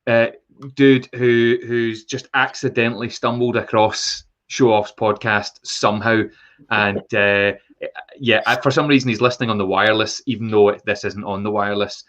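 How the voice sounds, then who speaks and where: A man hosting a podcast, chatty and quick to laugh in casual banter. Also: on the low side, steady tone, a bit bright. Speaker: podcast host. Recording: slightly dull, lo-fi sound.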